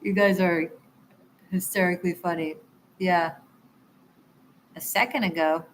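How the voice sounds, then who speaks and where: A woman's voice: on the low side, fairly even intonation, measured pace, slight background noise. A woman tarot reader on a live stream, chatting with viewers and apologizing as she gives readings.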